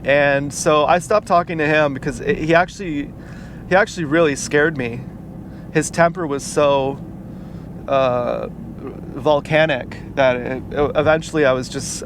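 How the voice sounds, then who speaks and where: A man telling a personal story in a casual vlog, rambling and halting, with many fillers and restarts. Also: fairly high pitch. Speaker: vlogger. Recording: noisy outdoor street recording. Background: car and street noise.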